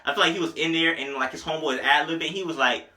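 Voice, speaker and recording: A young man casually reviewing an album, animated and profane, joking and rapping lines along. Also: on the high side, fast. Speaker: music reviewer. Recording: echoey room.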